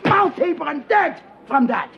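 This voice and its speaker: A loud, gravelly, cranky old man. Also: very high-pitched, lively intonation, measured pace, exaggerated voice. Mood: complaining. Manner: loud complaining, shouting. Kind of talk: film comedy clip. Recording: dull film audio with faint noise.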